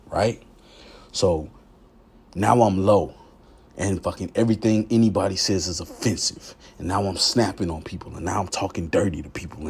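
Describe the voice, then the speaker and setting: A man hosting a podcast, talking in a candid, profane, confessional monologue that swings from low murmurs to heated outbursts. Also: slightly rough. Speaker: podcast host.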